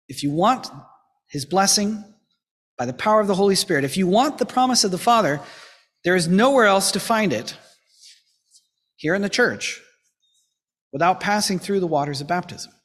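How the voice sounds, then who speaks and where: A man's voice: high-pitched, very animated, normal speed, long pauses, a bit bright. A man preaching a sermon as a pastor, earnest and exhorting, with lightly humorous asides, in a church. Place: church sanctuary. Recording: long church reverb.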